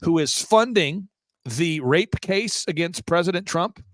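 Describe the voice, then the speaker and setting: A man talking as a guest on a live talk show, emphatic and rapid-fire, throwing out rhetorical questions. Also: on the high side, animated, no echo, studio quality.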